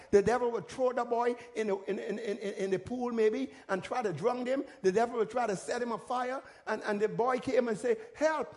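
A middle-aged male pastor preaching a sermon, repeating phrases and checking in with the congregation. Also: extremely high pitch. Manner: repeats words in restarts, calls out to the congregation.

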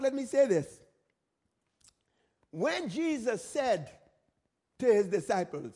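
A male pastor preaching a sermon, repeating phrases in a steady cadence and dropping his voice when quoting scripture. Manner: repetitive preaching cadence, quotes scripture in a lower voice.

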